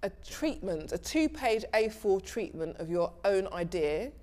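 A woman from London with a London accent, speaking at a medium pitch. She tells her story as a relaxed interview guest. She laughs often and acts out bits of dialogue in different voices. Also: a little slow. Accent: London English. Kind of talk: casual conversational storytelling.

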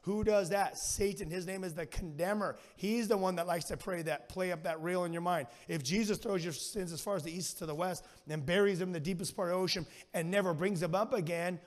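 A man preaching a sermon as a guest speaker, energetic and slangy, telling stories with animated delivery. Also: sits high, quick pace, few pauses. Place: church sanctuary. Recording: long church hall reverb.

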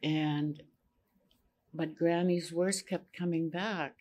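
An older woman whose first language is Cree tells a personal story as an elder on a panel. She speaks gently and unhurriedly and often repeats phrases. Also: low voice, unhurried. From Saskatchewan, Canada.

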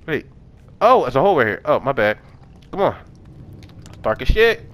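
A man's voice: mid-range voice, very animated, normal speed, long pauses, a bit bright. A young man giving casual let's-play commentary, chatting to the game characters in slang and swearing often. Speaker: gaming channel host.

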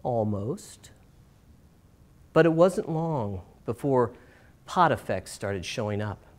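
A middle-aged man performs a personal story for a live audience. His delivery swings between brighter, lifted passages and quiet, slowed moments. He leans on dramatic pauses. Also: mid-range voice, lively intonation. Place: stage in a small performance space.

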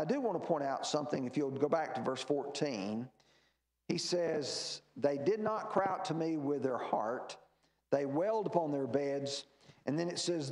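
A man's voice: medium pitch, a little mellow, reverberant. A man leading a church Bible study, reading scripture aloud with rising emphasis and explaining it plainly with fillers. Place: church meeting room.

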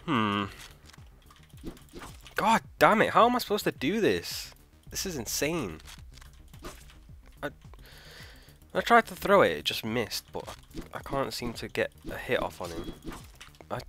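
A man's voice: medium pitch, big pitch swings, takes it slowly, long pauses, faint music behind. Frustrated man swearing through gameplay. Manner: swears often and shouts in frustration; thinks aloud, trailing off and restarting. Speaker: let's play host. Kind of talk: live gameplay commentary.

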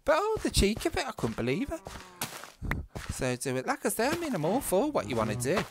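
A man's voice: sits high, wildly swooping pitch, a little fast, background noise. A man with a Northern English accent, chatting casually and swearing freely as he tells a story while playing a game. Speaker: gaming vlogger.

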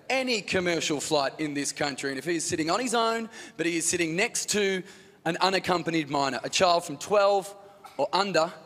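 Australian comic, raised pitch, lively live-venue sound with long reverb and faint hiss. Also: male voice. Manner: wry, animated storytelling with quoted voices. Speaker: stand-up comedian. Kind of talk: stand-up storytelling. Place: live comedy venue on stage.

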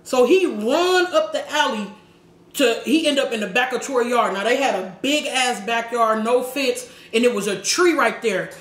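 Animated, higher-pitched woman telling a story. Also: normal speed. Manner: animated, slangy, with shouted sound effects. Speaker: vlogger. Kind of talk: storytelling while eating, mukbang. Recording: echoey room with faint background noise.

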